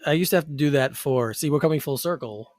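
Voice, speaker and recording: A man's voice: a little high, fast talker, dry recording, clean studio sound. A man on a podcast chatting in a laid-back, teasing way. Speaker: podcast co-host. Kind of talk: casual chat.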